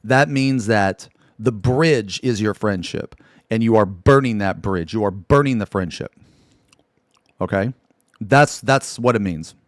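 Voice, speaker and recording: A man's voice: on the low side, unhurried, no echo, clean studio sound. A man streaming live, telling a story to his chat in a rambling, profane way, full of restarts and asides.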